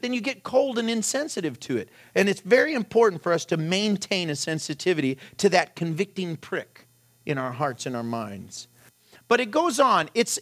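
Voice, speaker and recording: A man's voice: high-pitched, a bit bright. A middle-aged man, a pastor, giving a conversational sermon full of rhetorical questions and short anecdotes.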